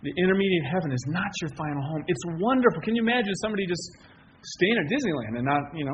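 A male pastor preaching a sermon, telling stories in an animated way and shouting out acted quotes. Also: high voice, fast talker, highs cut off, a little hiss or hum.

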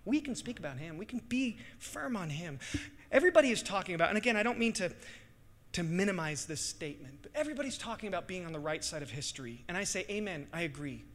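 A middle-aged male pastor preaching with real fervor, his voice sitting high and sounding bright and forceful. He drops to hushed stretches, then surges into loud bursts. A long reverb trails after him, like a big church hall. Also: sing-song, fast talker. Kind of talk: sermon.

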